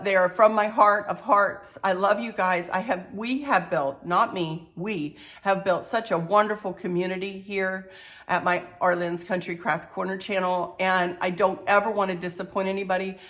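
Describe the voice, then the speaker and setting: An older woman with a head cold, talking to camera about her home decor channel in an unhurried, heartfelt, chatty way. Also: lowish voice, fairly bright tone. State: stuffy-nosed with a cold. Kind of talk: casual heartfelt talk to camera.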